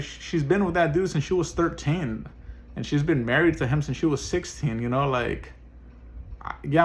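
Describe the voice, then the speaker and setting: A man venting in a personal vlog as a single dad, swearing often and sounding frustrated. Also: medium pitch. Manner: profane, frustrated ranting.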